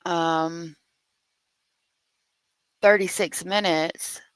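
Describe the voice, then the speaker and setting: A woman hosting a casual true crime livestream. She talks slowly, chats away and laughs often. The sound is close and dry, with no room echo. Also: lowish voice, steady tone, smooth. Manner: chatty, laughs often, drawn-out exclamations. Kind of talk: casual livestream chat reading comments.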